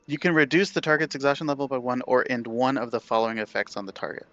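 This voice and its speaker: A man's voice: mid-range voice, fast talker, a bit bright, muffled recording. A man playing a tabletop game, joking and arguing rules in casual chat. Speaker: player.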